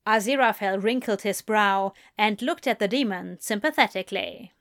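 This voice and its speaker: A woman reading a romantic story aloud in a slow, measured way. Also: medium pitch, a bit bright. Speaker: reader. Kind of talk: reading fan fiction aloud.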